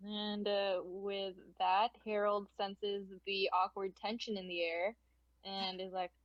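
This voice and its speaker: A woman's voice: medium pitch, level tone, slow pace, no room sound, highs cut off. A young woman narrating a tabletop game as game master, casual and giggly, with lots of fillers.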